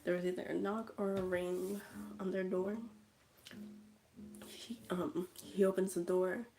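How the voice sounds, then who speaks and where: A woman's voice: fairly low pitch, little pitch movement, a little slow, dark tone, faint music behind. A woman casually recapping a movie on a livestream, chatty and full of "like" fillers. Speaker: streamer.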